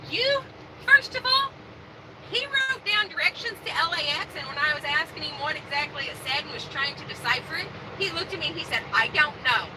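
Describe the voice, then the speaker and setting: Very high-voiced woman teasing in a truck. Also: animated, brisk, background noise. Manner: teasing, corrects his pronunciation. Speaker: trucker co-host reading viewer comments. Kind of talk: casual banter on a live stream. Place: truck cab.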